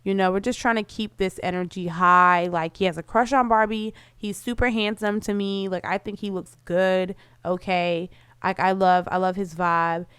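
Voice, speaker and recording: A woman's voice: lowish voice, fairly even intonation, moderate pace, fairly bright tone, clean tone, dry recording. A woman giving casual, bubbly commentary over her life-simulation gameplay, full of "like" fillers. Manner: chatty, bubbly, lots of "like" fillers.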